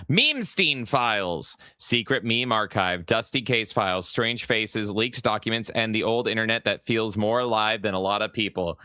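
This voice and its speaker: A man co-hosting a gaming podcast in casual, excitable chat, swearing freely. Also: mid-range voice, smooth, no room sound, clean studio sound. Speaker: podcast co-host.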